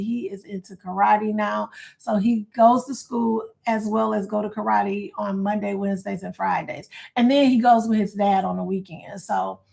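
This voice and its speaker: Gravelly, chatty middle-aged woman livestreaming. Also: medium pitch. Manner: chatty, reads viewer comments aloud, laughs often. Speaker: livestream host. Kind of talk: casual livestream chat.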